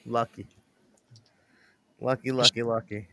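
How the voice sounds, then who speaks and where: A man's voice: mid-range voice, flat delivery, a little slow, vocal fry, pushed and bright. A man co-hosting a casual podcast from outdoors by a fire, joking in a laid-back way and calling people bro and man. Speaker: podcast co-host. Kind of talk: casual chat.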